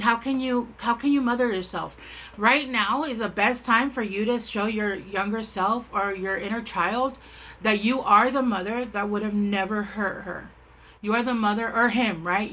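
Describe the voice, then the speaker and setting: A woman's voice: mid-range voice, sharp tone, poor audio. A woman giving a casual, rambling tarot reading, frank and chatty, often stopping to restart her sentences. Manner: rambling, chatty, self-interrupting. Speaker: tarot reader.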